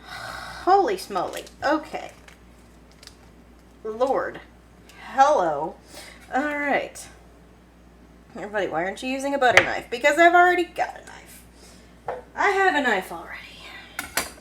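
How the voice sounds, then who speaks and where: A chatty woman with a Kentucky drawl, her voice sitting a little high as she talks her way through a recipe. She giggles often and keeps it loose and homey. Faint room sound hangs behind her in the kitchen. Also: sing-song, measured pace, long pauses, a bit bright, slight background noise, poor audio. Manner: chatty and giggly, talking while she cooks. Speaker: cooking vlogger. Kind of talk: casual cooking vlog. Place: home kitchen.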